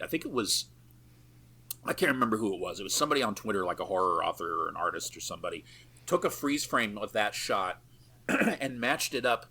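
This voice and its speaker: A man's voice: on the low side, pushed and bright, husky. A man co-hosting a podcast, recapping a film in a loose, profane way with lots of fillers and easy laughs. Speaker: podcast co-host. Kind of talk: casual chat recapping a film.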